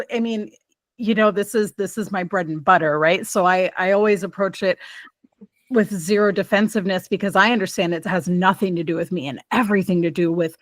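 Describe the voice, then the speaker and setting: A woman talks in a relaxed, expressive way and laughs easily. Her voice sits at a middling pitch for a woman. The sound is close and dry. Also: no room sound. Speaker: guest, child behavior specialist and parent coach. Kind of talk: casual conversation.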